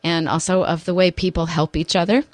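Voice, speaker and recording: A woman hosting a radio interview, soft-spoken and thoughtful, sometimes reading story passages aloud. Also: on the low side, steady tone, brisk, no room sound.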